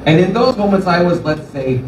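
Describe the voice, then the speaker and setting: A man's voice: high-pitched, lively intonation, fairly quick, background noise. A male pastor giving a sermon, telling the story animatedly and putting on voices for the people in it. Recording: echoey room from far off.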